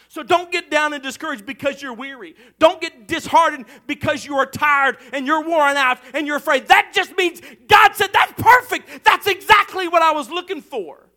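A male preacher delivers a sermon in a strikingly high voice. His tone is forceful and tense, pushing hard on each phrase. He preaches with passion and climbs into full shouts. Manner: impassioned preaching that swells into shouting. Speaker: pastor.

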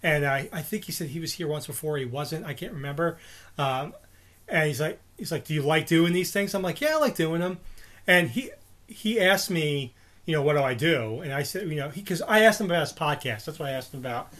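A man's voice: fairly high pitch, animated, fairly quick, pushed and bright. Rambling man telling a story. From New Jersey. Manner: rambling, with many restarts and fillers. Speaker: podcast co-host. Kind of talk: casual storytelling chat.

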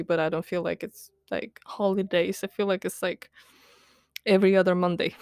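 A woman's voice: mid-range voice, a little mellow, dry recording, studio quality. Young woman rambling, laughing diary rant. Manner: rambling, full of "like" and fillers, laughs often; self-mocking, candid. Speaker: podcast host.

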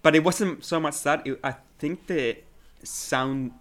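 Halting man on a film podcast. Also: fairly high pitch, a bit bright. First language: not English. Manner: hesitant, many fillers and restarts. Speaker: podcast co-host. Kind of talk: casual film discussion.

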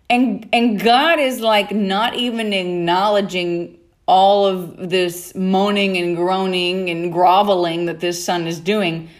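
A woman's voice: mid-range voice, fairly even intonation, slow. A woman teaching on a Bible story in a chatty, casual way, laughing often and acting out the characters' lines. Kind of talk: casual sermon.

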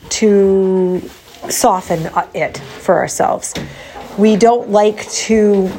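A woman's voice: medium pitch, a little mellow, slight background noise. A woman host and mindset coach with a nasal voice from a cold, talking in a casual, conversational way. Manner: conversational, with fillers and restarts. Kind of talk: casual chat.

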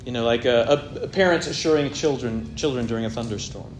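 A man delivers a sermon in a middle-range voice, rising to loud, emphatic peaks before falling to a near hush. A faint hiss of background noise sits under the recording. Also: medium pitch, a little fast. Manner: dynamic, swells loud and drops very soft. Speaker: preacher. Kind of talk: expository sermon.

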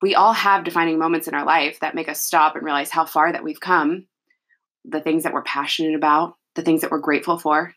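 A woman's voice: low voice, fairly even intonation, fairly quick, fairly bright tone. A woman co-hosting a podcast, retelling stories in casual chat with lots of "like" fillers. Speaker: podcast co-host.

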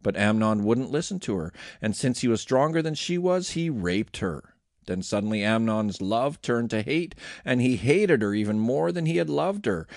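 Man reading scripture with lively pitch. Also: normal speed, vocal fry, no room sound, studio quality. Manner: expressive reading with lively voiced quotes. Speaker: Bible reading host. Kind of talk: Bible reading aloud.

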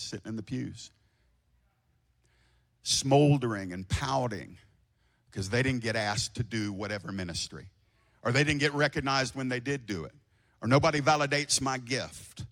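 A man preaching an impassioned sermon to a congregation, swinging from shouting to hushed tones. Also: medium pitch. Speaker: pastor. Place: church before a congregation.

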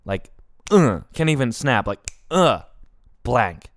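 A man's voice: mid-range voice, slow, dry recording, clean studio sound. A man hosting a solo comedy podcast, telling a rambling story with lots of swearing and tangents. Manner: animated, profane, prone to tangents. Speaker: podcast host.

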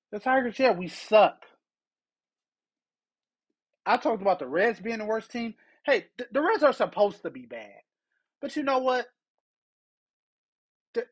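A man's voice: high voice, breathy edge, rough recording. Exasperated man ranting about sports. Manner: exasperated ranting, rhetorical questions. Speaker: podcast host. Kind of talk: solo sports rant.

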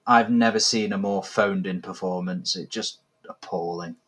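Deep-ish, husky male, dry and measured delivery. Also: steady tone, fairly bright tone. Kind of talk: casual chat.

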